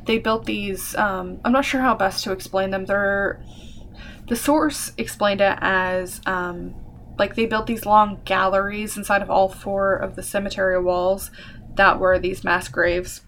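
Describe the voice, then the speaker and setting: A woman's voice: mid-range voice, steady tone, measured pace, a bit bright, slight background noise. A young adult woman co-hosting a podcast, casually telling a history story with lots of fillers and the odd swear word. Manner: chatty, full of fillers and swearing. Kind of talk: casual chat.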